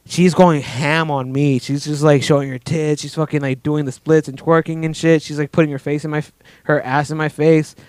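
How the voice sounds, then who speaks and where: A man's voice: fairly high pitch, little pitch movement, moderate pace, darkish tone, smooth, dry recording. A man in a casual podcast chat, telling a long, rambling, profane story full of fillers. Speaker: guest storyteller.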